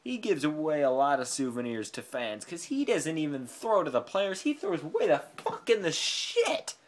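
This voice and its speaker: A woman's voice: low-pitched, wildly swooping pitch, normal speed. A woman sports vlogger giving a heated, profane rant, swearing freely and sounding exasperated.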